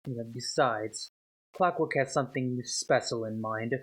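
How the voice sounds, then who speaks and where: Man, game master, tabletop narration, quick character lines, laughs, voice call. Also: mid-range voice, fairly bright tone, poor audio. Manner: laughing, voicing characters in passing.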